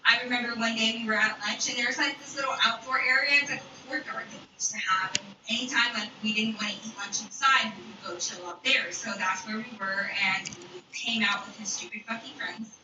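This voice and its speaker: A woman's voice: a little high, brisk, hardly any pauses, muffled recording, background noise. A young woman streaming from home, telling a story bluntly and profanely, sometimes dropping to a whisper. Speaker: live streamer. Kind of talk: storytime monologue. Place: home room. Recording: roomy distant mic with video audio behind. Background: a video playing in another room.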